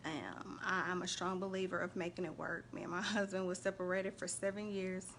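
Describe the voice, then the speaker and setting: A woman hosting a casual faith and relationship live stream, chatting animatedly and shouting out viewers by name. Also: fairly low pitch, level tone, brisk, creaky, a little hiss or hum.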